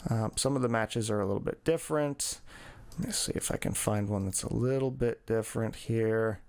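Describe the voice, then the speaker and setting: A man's voice: fairly low pitch, moderate pace, darkish tone. A cycling coach talking through training data charts in a screen-share lesson, explaining as he goes with many fillers.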